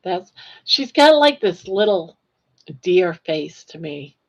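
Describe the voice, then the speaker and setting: A woman's voice: on the low side, sing-song, takes it slowly, muffled recording. An older woman hosting a casual crochet live stream, chatting, teasing viewers and counting stitches aloud.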